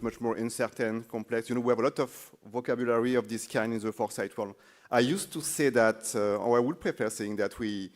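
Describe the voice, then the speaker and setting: A man with a French accent, speaking English as a second language, moderating a conference panel in a halting way, often repeating words as he searches for phrasing. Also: lowish voice. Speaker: panel moderator, corporate foresight lead. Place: conference stage.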